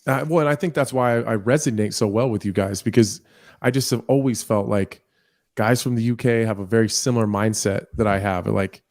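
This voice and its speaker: A man's voice: lowish voice, fairly quick, a little mellow, no room sound, studio quality. A man from Nebraska co-hosting an interview, laid-back and loose-tongued, swearing casually between fillers. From Nebraska, USA. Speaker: co-host.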